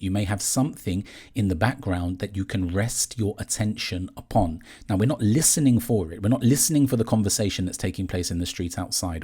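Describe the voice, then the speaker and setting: A man calmly explaining a meditation practice step by step, in a measured teaching manner. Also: deep voice, slightly rough. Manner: calm, measured, gently explaining. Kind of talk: guided instruction on meditation.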